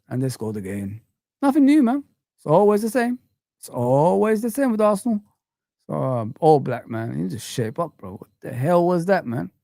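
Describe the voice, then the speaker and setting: A man's voice: mid-range voice, vocal fry, mellow, no echo, clean studio sound. A man hosting a football live stream, ranting in heated street slang as he reads the chat.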